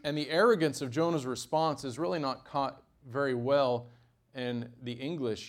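A man preaching a sermon at a mid-range pitch. He talks in an animated way, with sudden jumps up in pitch and volume. He adds dry asides between points. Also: normal speed.

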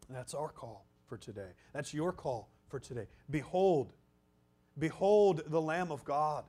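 Emphatic preacher, high voice. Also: male voice, lively intonation, a little slow, slight background noise. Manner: emphatic, swings from loud exclamations to hushed near-whispers. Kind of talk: sermon.

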